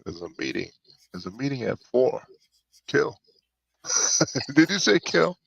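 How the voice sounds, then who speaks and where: A man's voice: mid-range voice, very animated, normal speed, creaky, fairly bright tone, no echo, low-quality recording. A man with a Midwestern accent chatting casually, rambling with giggles and frequent restarts. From United States. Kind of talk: casual chat.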